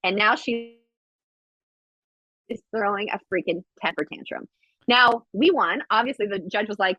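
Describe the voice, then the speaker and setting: A woman on a podcast, talking fast and loose and acting out the people she quotes. Her voice sits a bit high and swings widely in pitch. The sound is dry and close. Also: no echo, lo-fi sound. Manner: animated storytelling, acts out quotes; swears freely. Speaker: podcast guest. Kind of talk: casual podcast chat.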